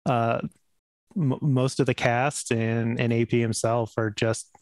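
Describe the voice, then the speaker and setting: A man who is a cast member on a gaming stream, speaking earnestly in casual chat, halting and restarting often. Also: medium pitch, level tone, darkish tone, no echo.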